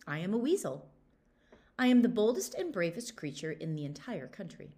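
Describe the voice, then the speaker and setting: Storybook weasel: small, brave, bragging, read by a woman in a lively voice. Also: on the low side. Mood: boastful. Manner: swaggering, brisk and eager. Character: bold boastful little male weasel.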